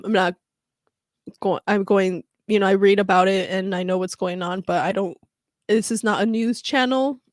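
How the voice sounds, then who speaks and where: A woman's voice: lowish voice, no room sound, studio quality. A woman giving casual, chatty commentary on a live stream, talking in emphatic asides.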